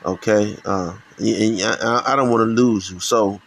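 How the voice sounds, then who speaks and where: A man's voice: on the low side, steady tone, moderate pace, creaky, rough recording. A middle-aged man from Chicago giving a heated, profane religious rant, often stumbling and restarting his sentences. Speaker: channel host. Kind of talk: ranting religious commentary.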